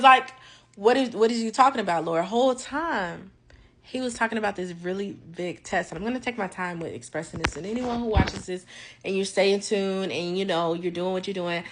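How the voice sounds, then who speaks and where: A young woman vlogging a casual faith testimony, animated and acting out her conversations with God. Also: medium pitch, normal speed.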